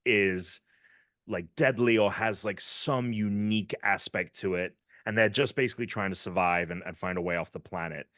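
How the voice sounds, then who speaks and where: A man's voice: on the low side, normal speed, fairly bright tone, dry recording, clean studio sound. A British man co-hosting a casual gaming podcast, rambling with lots of fillers as he enthuses. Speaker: podcast co-host.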